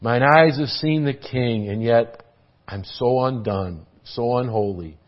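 A man's voice: medium pitch, slow, muffled recording. A man preaching a sermon as pastor, earnest and emphatic, repeating key phrases for weight, in a church hall.

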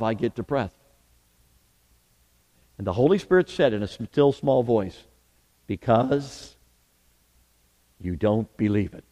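A man's voice: on the high side, darkish tone. A man preaching a sermon as pastor, emphatic, asking the congregation rhetorical questions. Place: church sanctuary. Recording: long reverb in a church hall.

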